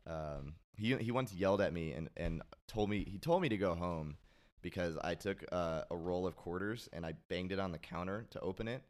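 A man's voice: low voice, expressive, normal speed. A man speaking as a guest in casual chat, telling a long story loosely with many fillers and some swearing. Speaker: podcast guest.

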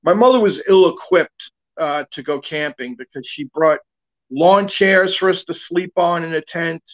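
A man's voice: on the high side, normal speed, highs cut off. A man guest telling a long personal story in casual talk, rambling with lots of fillers and restarts.

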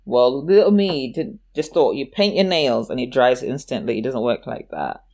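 A woman's voice: very deep voice, lively intonation, moderate pace, darkish tone. A woman in casual chat telling a childhood story, acting out the voices of the people in it and laughing often.

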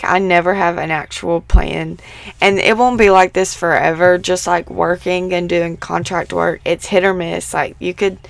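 A young woman hosts her solo podcast in a loose, rambling chat. Her voice is raspy and gravelly, with a smoker-like edge. The sound is dry and close. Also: on the low side, no room sound. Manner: rambling, filler-heavy, chatty. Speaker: podcast host.

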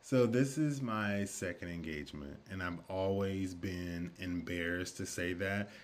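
A man with a somewhat low voice hosts a conversational podcast. He talks in a candid, chatty, affirming way, opening up about himself as he interviews his guest. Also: measured pace. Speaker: podcast host.

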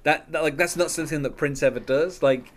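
A man's voice: a little high, fairly quick, a little hiss or hum. Man rambling casually about music. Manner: rambling, many fillers and restarts, laughs often. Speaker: podcast host.

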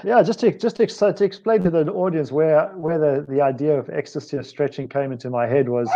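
A man's voice: fairly high pitch, darkish tone, highs cut off. A man from South Africa telling a story in a casual, rambling way, correcting himself as he goes. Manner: rambling, self-correcting, laughs often. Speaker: guest speaker on stretching. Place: home office.

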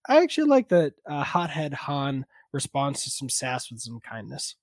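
A man's voice: mid-range voice, huge pitch swings, moderate pace, dry recording. A man hosting a podcast, chatting casually about a movie, rambling and laughing often at himself, on a computer mic. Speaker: podcast host. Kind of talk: casual movie review chat.

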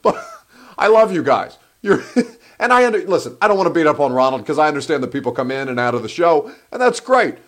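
A man hosting a solo live sports talk show, animated and rambling, often breaking off mid-sentence. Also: fairly high pitch, fast. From Egyptian heritage. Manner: animated, rambling, self-interrupting.

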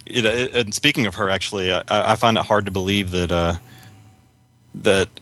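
A man co-hosting a casual film podcast, speaking haltingly with many fillers and a wry tone. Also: on the low side, fairly bright tone. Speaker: podcast co-host.

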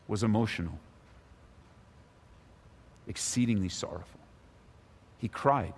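A man's voice: lively intonation, normal speed. Impassioned preacher man in a reverberant hall. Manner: impassioned preaching, swinging between loud high emphasis and low hushed stretches. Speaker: pastor. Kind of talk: sermon. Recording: long reverb of a large hall.

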